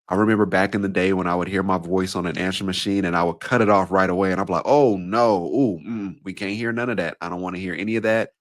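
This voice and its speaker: A man in his thirties hosting a solo podcast as a speaking coach, talking casually and acting out quoted voices playfully. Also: low-pitched. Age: 30s. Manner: conversational, acts out quoted voices with playful swings.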